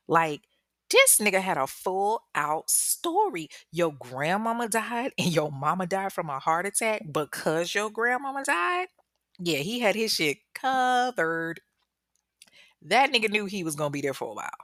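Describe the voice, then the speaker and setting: A woman host telling a true crime story casually, profane and slangy, with animated reactions. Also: on the low side, unhurried, no echo, studio quality.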